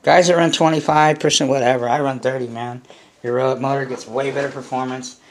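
A man's voice: mid-range voice, fairly even intonation, brisk. A man hosting a casual unboxing vlog, rambling and blunt, swearing freely as he talks to his viewers. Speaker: hobby channel host.

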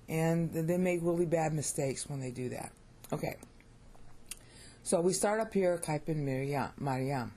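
A teacher with an American accent explains ancient Greek in a relaxed, unscripted lesson. The voice has a soft, mellow tone. They often stop to ask "all right?" and repeat Greek phrases aloud to demonstrate how they should sound. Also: mid-range voice, breathy edge. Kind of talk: informal spoken lesson.

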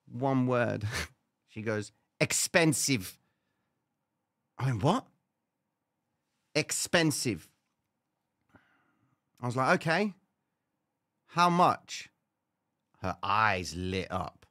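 Animated man telling a story. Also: medium pitch, slow, long pauses, no room sound, studio quality. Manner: animated, swearing, acts out his own quotes. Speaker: trading show host. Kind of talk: casual storytelling on a live stream.

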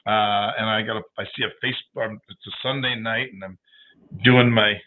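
A middle-aged man, a guest on a talk show, telling lively anecdotes in casual chat and acting out the dialogue. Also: fairly low pitch, a little fast. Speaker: guest, baseball team general manager. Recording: tinny phone-like audio.

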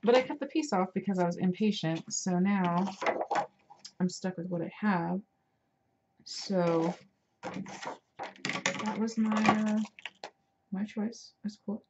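A woman's voice: medium pitch, slow, long pauses. A woman hosting a casual crafting tutorial, chatty and self-deprecating as she talks while working. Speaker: craft video host. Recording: dull lo-fi home recording with noise.

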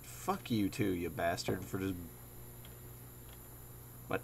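A man's voice: low voice, slow, creaky, noisy background. A young man commentating as he plays a horror game, jumpy and cursing, often dropping to a scared whisper. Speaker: gamer playing a horror game. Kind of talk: let's play commentary.

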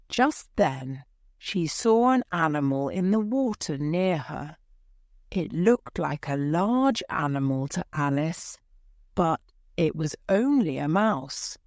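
A woman narrating a graded reader story for English learners, reading slowly, clearly and carefully. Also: fairly low pitch, darkish tone, dry recording, studio quality.

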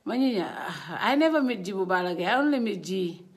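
Woman hosting a live stream: loose, chatty, quick to laugh, greets viewers by name. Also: medium pitch, lively intonation. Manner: chatty, laughing, reads out viewer names, switches between languages. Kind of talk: casual live stream chat. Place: indoor studio.

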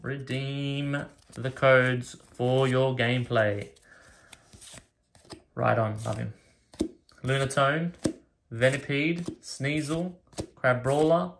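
A man casually opens card packs, reading each card's name aloud one by one and getting excited over the rare pulls. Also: medium pitch, a little hiss or hum. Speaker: card collector opening packs. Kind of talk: casual pack-opening commentary. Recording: card and wrapper rustling behind voice.

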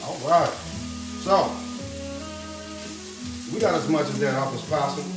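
A chatty man with a fairly high voice talks viewers through a recipe at his stove. His voice is caught from a few steps away, bouncing around the kitchen. Music plays clearly behind him alongside the sizzle of the pan. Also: measured pace, far from the mic. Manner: upbeat and chatty, repeats a catchphrase, talks himself through the steps. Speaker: home cook hosting his own cooking channel. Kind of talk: casual cooking demonstration. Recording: roomy kitchen echo, mic set back, music underneath. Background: music and frying sizzle.

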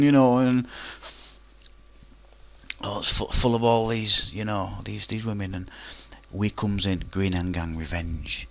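A man spins a comic yarn in a rambling, colloquial way, full of "you know" and restarts. His voice sits a little low for a man, loose and conversational. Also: fairly even intonation, measured pace, creaky. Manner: rambling, colloquial, with many fillers. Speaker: storyteller. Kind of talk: comic anecdote.

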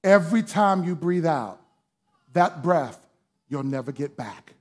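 A man preaching a sermon to a congregation, calling on them to respond, moving from hushed teaching to shouted preaching. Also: a little high, expressive, measured pace. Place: church sanctuary with congregation.

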